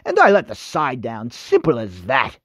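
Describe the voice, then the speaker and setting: A man's voice: medium pitch, huge pitch swings, normal speed, fairly bright tone, no room sound, studio quality, voice pushed down. A man putting on an English accent to voice a pompous, stiffly formal middle-aged prince. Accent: put-on English.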